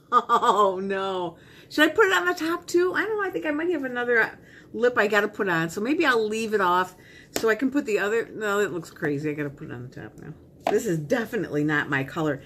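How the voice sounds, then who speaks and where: A woman's voice: on the high side, fairly bright tone. A middle-aged woman chatting casually as she unboxes and tries on makeup, rambling and talking to herself. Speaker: beauty vlogger.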